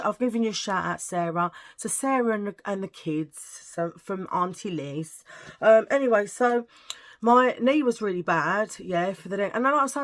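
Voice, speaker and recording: Casual woman vlogger, lowish voice, rambly storyteller who laughs often. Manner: rambling, animated, laughs a lot, acts out quotes.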